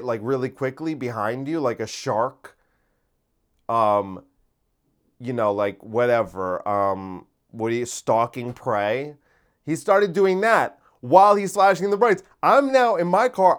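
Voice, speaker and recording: A man hosting a podcast, telling a story in a casual, profane monologue that gets loud and giddy. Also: a little high. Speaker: podcast host.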